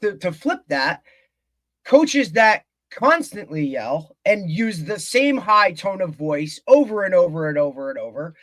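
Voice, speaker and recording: Male coach co-hosting a podcast, eager run-on talker, slightly high, dry recording. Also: very animated, measured pace, a bit bright, no echo. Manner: eager, talks in long run-on stretches. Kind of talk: casual podcast conversation.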